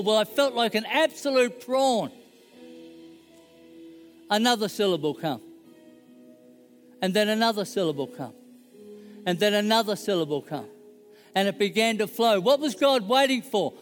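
A man's voice: sits high, in a large hall. A middle-aged man preaching a sermon in a conversational, joking way and checking in with his audience. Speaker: pastor.

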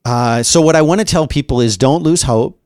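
A man's voice: medium pitch, fairly quick, darkish tone, dry recording, clean studio sound. A man co-hosting a podcast, telling a long story in casual chat with plenty of fillers and restarts. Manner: rambling storyteller with many fillers. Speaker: podcast co-host.

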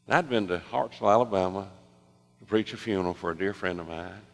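A man preaching a sermon, telling a story with lively swings between loud excitement and soft hushed tones. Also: low-pitched, fast, creaky, faint music behind. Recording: long reverb of a large hall.

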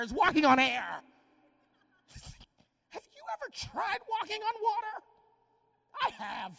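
Male preacher, high voice, lively swooping delivery, humorous, shouts for emphasis, big echoing hall. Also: unhurried, creaky, long pauses. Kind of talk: energetic sermon.

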